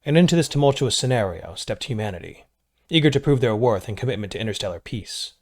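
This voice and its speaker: A man narrating a military science fiction story in a measured, steady read. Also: mid-range voice. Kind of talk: scripted sci-fi narration.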